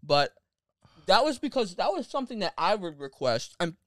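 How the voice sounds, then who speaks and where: A man's voice: sits high, no echo. A young man co-hosting a podcast, chatting casually and riffing with jokes into a studio mic. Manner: joking, animated, quick to riff. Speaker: podcast co-host. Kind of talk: casual chat. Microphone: studio microphone.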